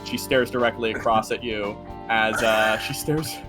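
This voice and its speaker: A man's voice: lowish voice, fairly even intonation, a little slow. A man narrating as game master of a tabletop role-playing game in loose, rambling narration. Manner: loose, filler-heavy narration. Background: soft background music.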